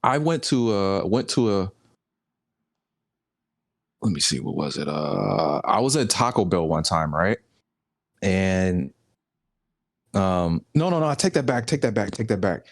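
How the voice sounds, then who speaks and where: Animated, rambling young man. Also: fairly low pitch, moderate pace, pauses often, no echo, clean studio sound. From Southern United States. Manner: rambling storyteller, laughs often, acts out quotes. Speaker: podcast co-host. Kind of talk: casual chat.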